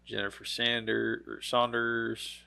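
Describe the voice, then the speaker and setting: A man's voice: medium pitch, monotone, slow, vocal fry, pushed and bright, dry recording. A man in casual podcast chat, making offhand dry remarks.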